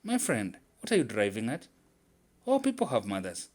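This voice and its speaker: A man voicing a gullible, slow-witted male leopard in a told folktale, speaking in a measured, purring way. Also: fairly low pitch, wildly swooping pitch, a little mellow. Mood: ponderous.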